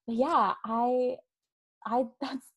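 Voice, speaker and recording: A woman's voice: on the high side, fairly even intonation, slow pace, slightly rough, lo-fi sound. An Australian woman hosting a podcast, chatty and rambling, often breaking into laughter. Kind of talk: podcast conversation.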